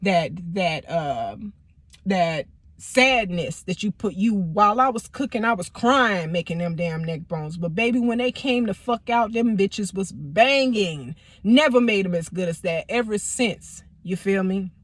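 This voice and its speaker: A woman's voice: medium pitch, lively intonation, a little slow, no room sound. Profane, rambling woman telling a story. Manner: profane, rambling, acts out quoted people. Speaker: storytime vlogger. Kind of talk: casual storytelling.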